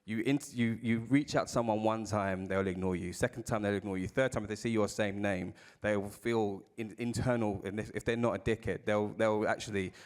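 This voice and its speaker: A man with a South London accent talks on a live festival panel, his voice sitting a little low. He tells candid stories about work, loose and conversational, and drops the odd swear word. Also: fairly even intonation, a little fast, hardly any pauses, darkish tone. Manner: candid storytelling with casual swearing. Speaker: panel speaker.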